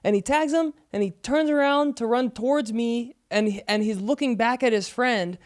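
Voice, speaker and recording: A man in his thirties, a podcast co-host in casual chat, telling a story with lively acted-out sounds. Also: extremely high pitch, normal speed. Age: 30s. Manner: animated storyteller, acts out voices and screams.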